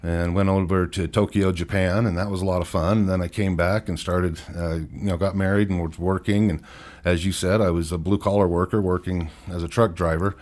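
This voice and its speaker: A man's voice: low-pitched, fairly even intonation, fairly quick, a little mellow. A man in his fifties, a podcast guest, candidly telling his life story in a rambling way and laughing at himself. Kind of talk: personal storytelling interview.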